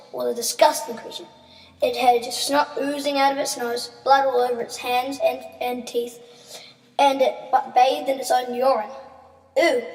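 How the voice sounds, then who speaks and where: A woman reading her written story aloud in plain storybook narration. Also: high voice. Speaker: story reader. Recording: echoey reverberant room.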